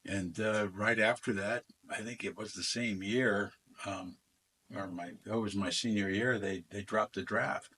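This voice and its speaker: A man's voice: fairly low pitch, fairly even intonation, a little slow, pushed and bright, husky. An older man, a former football player, telling rambling stories in a casual interview and acting out the voices of the people in them. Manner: rambling anecdotes, acts out quoted dialogue, frequent fillers.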